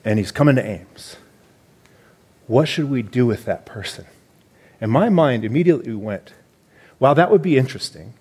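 This church elder's sermon is conversational and explanatory, punctuated by animated emphasis. His mid-range voice is husky, moves at normal speed, and pauses often.

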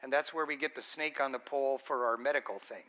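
A man's voice: medium pitch, fast, bright, forceful tone. A man preaching a sermon in an earnest, conversational and emphatic way.

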